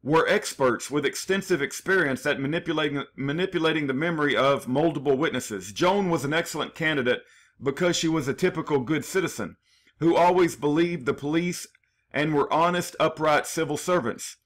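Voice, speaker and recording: A man's voice: a little high, a little fast, fairly bright tone. A man reading his own prepared statement in numbered points, earnest and aggrieved, with small restarts. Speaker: defendant telling his case.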